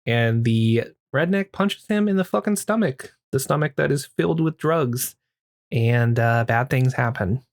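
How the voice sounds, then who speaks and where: Male podcast host, casual crude movie recap, average pitch, dry booth-like mic. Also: lively intonation, measured pace, dry recording. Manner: crude, joking retelling with acted quotes.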